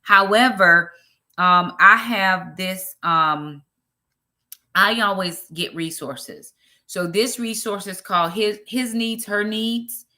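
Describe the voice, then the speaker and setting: A woman's voice: mid-range voice, slow pace, bright, forceful tone. A woman with a Southern US accent hosting a ministry livestream, chatting casually and greeting viewers by name. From Brooklyn, New York.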